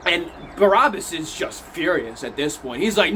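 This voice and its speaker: High-voiced profane young man vlogging. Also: normal speed, hardly any pauses, slight background noise. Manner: animated, profane, acts out scenes. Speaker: movie reviewer. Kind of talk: casual movie recap vlog. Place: outdoors in wet cold weather.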